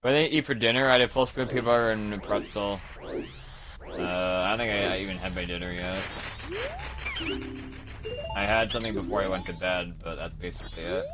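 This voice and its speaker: A young male streamer with a lowish voice, talking casually to his chat while he plays. He swears freely when the game frustrates him, and game music plays clearly behind him. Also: steady tone, brisk, long pauses. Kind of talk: casual live-stream commentary while playing.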